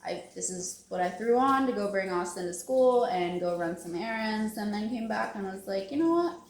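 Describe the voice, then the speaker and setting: A woman's voice: mid-range voice, normal speed, reverberant. Emotional rambling woman vlogger. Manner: emotional, rambling, laughs often. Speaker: wellness vlogger. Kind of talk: casual confessional vlog.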